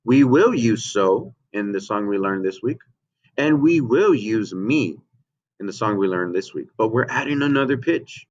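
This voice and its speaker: A man's voice: lowish voice, animated, moderate pace. A man teaching a remote music lesson to children, explaining patiently and checking in with "okay?" and "right?". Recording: dull lo-fi home recording.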